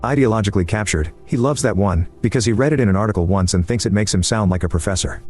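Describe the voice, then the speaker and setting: Male narrator, steady scripted reading, brisk delivery, slightly low register. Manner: even, measured reading with dry similes. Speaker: story narrator. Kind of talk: scripted first-person story narration. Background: faint background music.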